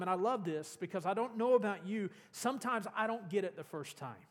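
High-voiced preacher in a reverberant hall. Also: male voice, a little fast, few pauses. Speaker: pastor. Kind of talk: sermon.

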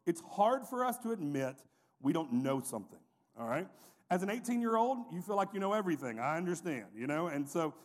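A man in his forties preaching a sermon in a lively, conversational way, with storytelling asides. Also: fairly high pitch, a little fast. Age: 40s. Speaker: pastor.

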